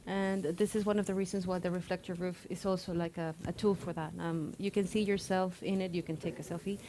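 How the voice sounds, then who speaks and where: A woman's voice: lowish voice, flat delivery, fairly quick, mellow, a little hiss or hum. A woman architect speaking at a public panel, hesitant and reflective, with many fillers. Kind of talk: panel discussion. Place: public talk event.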